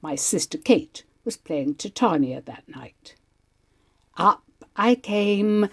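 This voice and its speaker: Woman reading a memoir aloud, animated storytelling, lively swooping pitch, unhurried. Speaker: amateur actor. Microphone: home recording.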